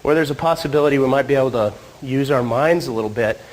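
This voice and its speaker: A man's voice: mid-range voice, quick pace, rough recording. A married man with a cold, giving a casual church talk with joking asides to the audience. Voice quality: slightly husky from a cold. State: getting over a cold. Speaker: church speaker. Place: church hall.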